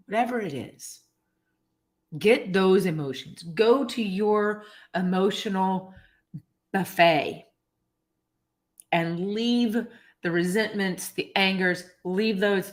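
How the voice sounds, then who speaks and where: A woman with a slightly low voice gives an earnest motivational talk straight to her viewers. She gets animated and emotional as she goes, pausing and restarting her sentences. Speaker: motivational vlogger. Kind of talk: casual motivational talk to camera.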